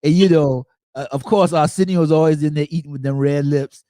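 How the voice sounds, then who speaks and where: A man's voice: a little high, fairly quick, dark tone, dry recording. A man hosting a casual movie review chat, talking in an easygoing way and telling personal anecdotes. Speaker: host.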